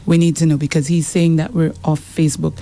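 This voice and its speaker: A woman's voice: sits low, a little fast. A woman co-hosting a radio show, reading out contact details and agreeing often. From Saint Lucia. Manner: steady with frequent murmured agreement. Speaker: radio co-host. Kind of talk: casual radio talk. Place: radio studio.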